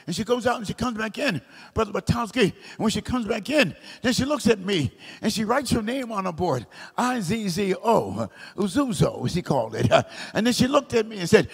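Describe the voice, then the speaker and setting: A man preaching a sermon in a large church hall, in a sing-song cadence that climbs into shouts. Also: high-pitched, expressive, normal speed, creaky, breathy edge. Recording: long hall reverb.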